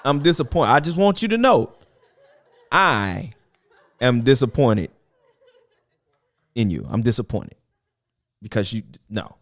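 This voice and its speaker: Animated male talk radio host. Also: mid-range voice, a little slow, long pauses. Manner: animated, preachy, repeats himself, laughs often. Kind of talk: casual talk radio monologue.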